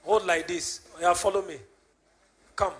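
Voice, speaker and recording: Shouting high-voiced male preacher. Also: steady tone, unhurried. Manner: shouting, exhorting the crowd. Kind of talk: healing service preaching. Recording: live church service with music.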